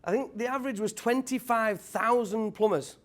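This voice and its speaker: A British man in his thirties, a former tradesman giving an energetic motivational talk to a live audience and quizzing the crowd. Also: high-pitched, normal speed. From United Kingdom. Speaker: speaker at a property event.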